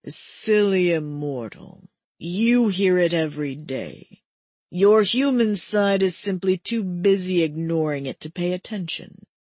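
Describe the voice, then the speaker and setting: A woman doing a low sneering male villain. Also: animated, darkish tone, no echo. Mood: scornful. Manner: mocking, cold and drawn-out.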